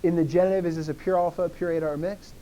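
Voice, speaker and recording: A man's voice: fairly high pitch, fairly even intonation, very fast, dark tone. A man teaching a language class, keen and chatty, who asks questions and answers them himself. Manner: enthusiastic, self-interrupting, asks and answers his own questions. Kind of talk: classroom lesson.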